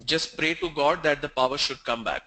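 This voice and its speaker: A man, teaching pronunciation in an online training session and explaining with slow, stressed examples. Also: on the high side, pushed and bright, rough recording.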